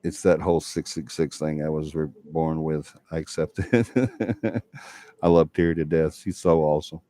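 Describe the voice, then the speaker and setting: Deep-voiced man chatting on a livestream. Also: fairly even intonation, moderate pace, dark tone, no room sound, clean studio sound. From Alabama. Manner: chatty, folksy, laughs often. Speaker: paranormal livestream host. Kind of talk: casual livestream chat reading viewer comments.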